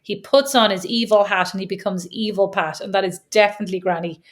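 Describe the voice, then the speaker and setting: A woman's voice: medium pitch, fairly even intonation, fast. An Irish woman co-hosting a podcast, chatting casually and teasing her sister with frequent laughs. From Ireland. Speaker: podcast co-host. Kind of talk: casual chat.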